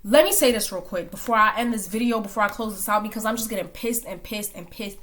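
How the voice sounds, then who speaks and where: A woman's voice: mid-range voice, fast, a bit bright. A woman giving a blunt, heated opinion in a commentary vlog, hammering her points with rhetorical questions and swearing. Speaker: commentary vlogger.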